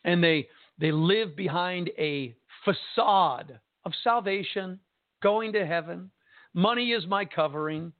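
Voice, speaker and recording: A man preaching a sermon in a slow, emphatic and impassioned way, repeating his phrases for effect. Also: sits high, no echo. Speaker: pastor. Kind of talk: sermon on radio broadcast. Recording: tinny phone-line broadcast.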